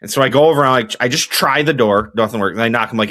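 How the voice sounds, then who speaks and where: A man's voice: mid-range voice, fast talker, fairly bright tone. A man hosting a podcast, telling stories casually and rambling with many restarts. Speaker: podcast host. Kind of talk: casual storytelling.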